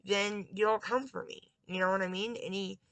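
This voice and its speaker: A woman's voice: medium pitch, fairly even intonation, moderate pace, a bit bright, no echo, low-quality recording. A woman in a candid, rambling tarot vlog, confiding to her viewers about faith and leaving a relationship. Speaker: tarot reader and vlogger. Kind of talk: casual spiritual tarot talk.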